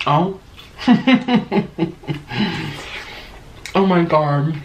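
A man chats through an eating vlog in a playful, theatrical, sing-song way. His slightly high voice swoops up and down with lots of life. The room around him sounds echoey. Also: big pitch swings, moderate pace, fairly bright tone, muffled recording, a little hiss or hum. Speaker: mukbang host. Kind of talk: casual eating vlog chat.

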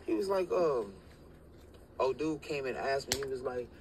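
A man's voice: medium pitch, moderate pace, slight background noise, low-quality recording. A man ranting bluntly from inside a car at night, swearing freely as he complains. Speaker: boyfriend in a filmed car clip. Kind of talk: casual ranting chat. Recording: car clip with loud background ambience.

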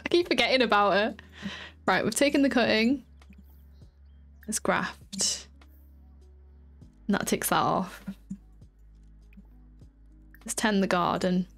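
A woman's voice: medium pitch, lively intonation, moderate pace, vocal fry, pauses often, fairly bright tone, faint music behind. A tired woman with a chatty, giggly, rambling manner, casually commenting on her gameplay as a streamer.

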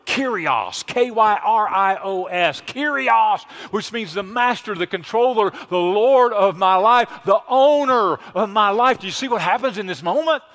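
A man's voice: high-pitched, lively intonation, unhurried, few pauses. Passionate male pastor preaching a sermon. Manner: emphatic, swings from hushed to loud exclamations.

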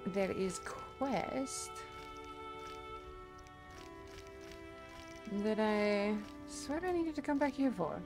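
A woman's voice: mid-range voice, lively intonation, slow pace, over music. A woman streamer putting on a thick fake Russian accent, dropping articles in her game chatter. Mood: mock-serious. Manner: broken grammar, dropped articles.

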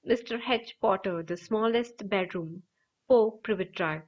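A spoiled bully of a boy bawls out slow, loud demands, as a woman reader puts him on. The storybook voice comes through a dull, lo-fi recording. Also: mid-range voice, natural voice. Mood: bawling.

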